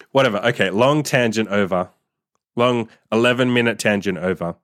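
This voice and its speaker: A man's voice: lowish voice, normal speed, fairly bright tone, dry recording, clean studio sound. A man hosting a podcast, talking in a blunt, profane casual monologue and laughing often. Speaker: podcast host.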